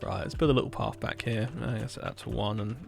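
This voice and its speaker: A man streaming a building game, chatting casually and rambling with dark jokes. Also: on the low side, fairly even intonation, fairly quick, creaky, music in the background. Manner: rambling, joking, darkly humorous. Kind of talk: casual chat while gaming.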